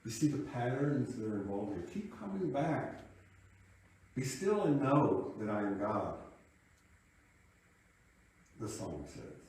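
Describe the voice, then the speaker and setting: A man's voice: on the low side, very animated, a little slow, pauses often, a little mellow. A man in his late fifties giving a sermon, reflective and conversational as he tells a personal story. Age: 50s. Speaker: minister. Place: church sanctuary. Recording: echoey hall, voice from a distance.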